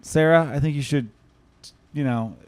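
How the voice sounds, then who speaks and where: A man's voice: fairly high pitch, normal speed, a crowd in the background. A man hosting a podcast, talking in a joking, crude and self-deprecating way in casual bar-room chat. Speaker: podcast host.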